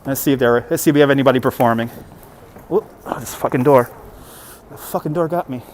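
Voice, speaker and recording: This man talks fast in a medium-pitched voice, with a bit of hiss or hum in the audio. He's livestreaming his walk through a city street into a market, chatting and often laughing with viewers, filmed on a phone held on a gimbal as live walking-stream commentary.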